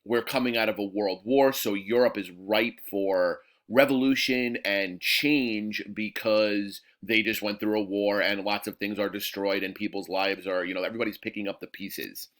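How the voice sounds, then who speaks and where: Guy teacher with a lowish voice doing a chill history lesson, kinda rambly. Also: fairly even intonation, normal speed, hardly any pauses, a bit bright. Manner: casual, digressive, with fillers. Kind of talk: recorded class lesson.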